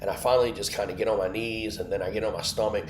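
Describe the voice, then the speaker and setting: Man, low-pitched, candid and emotional, tells his own story on a livestream in an echoey room. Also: steady tone, racing, noisy background. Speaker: host of an online Bible study. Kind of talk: personal testimony on a livestream.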